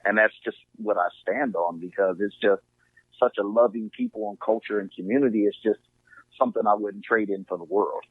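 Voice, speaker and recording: This podcast guest from Inglewood, in Southern California, has a lowish, husky voice and speaks a little fast. He's earnest and heartfelt in casual conversation, packing in lots of fillers, over a dry, tinny, phone-like line with no echo.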